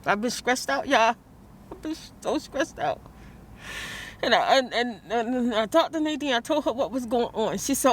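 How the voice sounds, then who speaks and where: Woman, stressed vlog talk, halting restarts, slightly high voice. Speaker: vlogger. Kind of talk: emotional vlog monologue.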